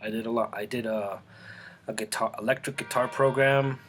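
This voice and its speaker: A man in his forties, born in Colombia, chatting casually to camera in his home art studio, halting and full of restarts. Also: medium pitch, fairly even intonation, a bit bright, soft background music. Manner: rambling, halting, with many restarts and fillers. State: eating, mouth full at times. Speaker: artist and channel host.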